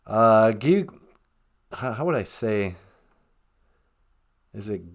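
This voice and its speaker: A man's voice: fairly low pitch, expressive, slow, pauses often. A man hosting a podcast in playful casual chat, joking, laughing often and making beep sound effects. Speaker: podcast host.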